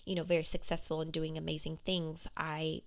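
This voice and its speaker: A young woman life coach talking candidly in a casual monologue, her voice froggy and hoarse, with plenty of "you know" and "um". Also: deep voice, monotone, a little fast.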